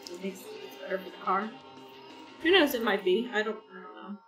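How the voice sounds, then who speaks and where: A woman's voice: medium pitch, expressive, normal speed. Chatty woman gaming streamer, roomy sound. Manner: rambling, chatty, talks to chat viewers. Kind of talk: casual chat while playing a game. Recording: roomy, distant mic with soft game music.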